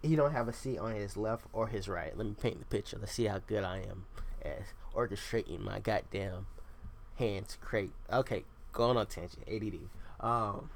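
A young man hosting his own podcast, rambling casually with lots of swearing and tangents. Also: on the low side. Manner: profane, digressive, self-deprecating. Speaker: podcast host.

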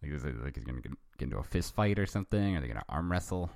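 Deep-voiced man reading with wry asides. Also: lively intonation, very fast, creaky, darkish tone, dry recording, studio quality. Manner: wry, self-interrupting asides. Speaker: host reading fanfiction. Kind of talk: comic dramatic reading with asides.

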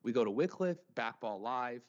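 A man's voice: mid-range voice, expressive, moderate pace, a little mellow, muffled recording. A man co-hosting a podcast in casual chat, telling stories and making his points with growing energy. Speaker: podcast co-host.

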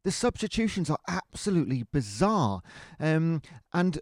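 A man co-hosting a casual football podcast, telling stories in a chatty, animated way. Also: a little high, normal speed, dry recording, clean studio sound. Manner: chatty, animated storyteller with rising laughs. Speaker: podcast co-host.

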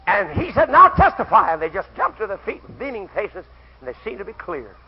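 An older man preaching a fervent camp meeting sermon, telling stories with quoted voices and breaking into shouts, on an old recording. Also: sits high, sing-song, a little fast, slightly rough. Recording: dull lo-fi old tape recording.

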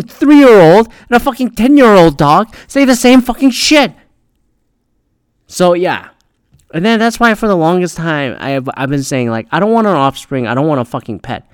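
Podcast host, young man, fast profane rambling rant, smooth and dry. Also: high voice, big pitch swings, no echo.

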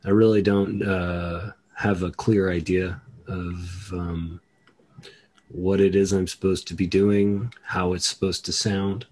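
Host type: husky-voiced man, lowish pitch, talks softly and rambles self-deprecatingly in casual chat. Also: little pitch movement, slow. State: keeping his voice low. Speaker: podcast host. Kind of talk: casual conversation.

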